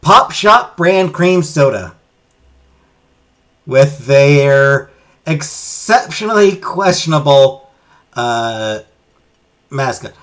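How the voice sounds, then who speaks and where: A man's voice: on the high side, expressive, drawn-out words, pauses often, a bit bright. A man hosting a let's play, giving casual commentary with rambling, jokey asides and fillers.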